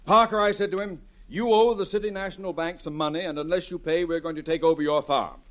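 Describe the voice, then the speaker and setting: A man's voice: on the high side, fast talker, dull audio, natural voice. An actor playing a boastful, blustering middle-aged male banker turned farmer in a 1940s radio sitcom, a father who chuckles at his own jokes. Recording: hissy 1940s radio recording.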